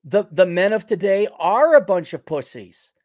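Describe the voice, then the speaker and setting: A man's voice: high-pitched, sing-song, moderate pace, darkish tone, no room sound, clean studio sound. Sarcastic rambling male podcast host. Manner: rambling, sarcastic, with frequent restarts and chuckles. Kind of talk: opinionated solo podcast monologue.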